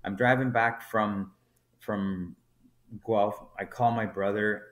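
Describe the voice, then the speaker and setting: Low-voiced man telling a lively story. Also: slow pace. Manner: animated storyteller, acts out dialogue in quotes. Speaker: brewery co-founder, podcast guest. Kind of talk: storytelling anecdote in conversation.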